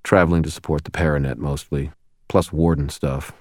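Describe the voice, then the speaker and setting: A man voicing a dry-humored wizard detective in an audiobook, talking with sardonic, deadpan asides. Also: a bass voice, a little fast, no room sound. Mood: wry.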